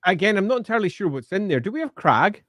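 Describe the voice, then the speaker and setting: A man chatting casually as a regular on a stream, playful and quick to laugh. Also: high-pitched, sing-song, a bit bright, no room sound, clean studio sound. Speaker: regular panelist. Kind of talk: casual livestream chat.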